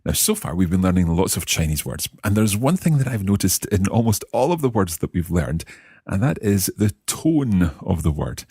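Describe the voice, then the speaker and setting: A man's voice: low voice, sing-song, normal speed, dark tone, slightly rough, no echo, studio quality. A Scottish man co-hosting a beginner language lesson podcast as the learner, curious and repeating phrases after the teacher. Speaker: learner co-host.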